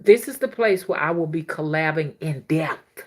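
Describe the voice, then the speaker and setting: A woman's voice: deep voice, normal speed. A woman, hosting a casual livestream as a spiritual reader and chatting with viewers. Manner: chatty, laughs often, slangy and animated.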